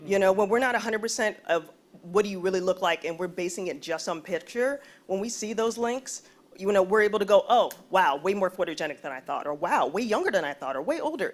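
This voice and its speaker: Earnest lower-voiced woman agent. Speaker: talent agent. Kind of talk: panel discussion.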